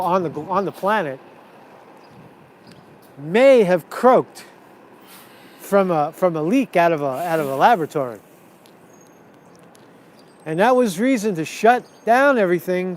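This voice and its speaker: A man vlogging as he walks empty city streets, rambling and repeating himself, on a handheld camera. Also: sits high. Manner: rambling, repeats himself, talks while walking. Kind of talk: walk-and-talk street vlog. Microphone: handheld camera while walking. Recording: faint street noise outdoors.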